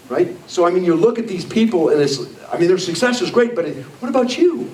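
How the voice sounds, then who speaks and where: A man in his sixties gives a blunt, emphatic motivational talk to a roomful of people. His voice sits a little high for a man and carries a strong echo, and it sounds like it was picked up from far away across the room. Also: animated, fast talker, few pauses, a little mellow, a little hiss or hum. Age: 60s. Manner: blunt, emphatic, repeating "I don't care" and "you know what?". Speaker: motivational speaker. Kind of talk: motivational speech to a live audience. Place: meeting room with an audience. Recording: echoey room, voice far from the mic.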